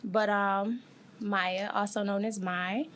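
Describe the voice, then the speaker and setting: Young woman talking openly in an interview, bright voice, lots of ums and pauses, gets emotional. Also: medium pitch, fairly even intonation, a little hiss or hum. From Detroit, USA. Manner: emotional, candid, halting with fillers. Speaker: guest. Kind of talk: personal interview.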